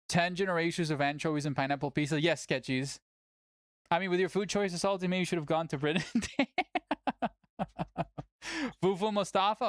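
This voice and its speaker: A tournament host chatting casually on a livestream, animated, laughing often and swearing casually. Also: medium pitch, smooth, dry recording, studio quality.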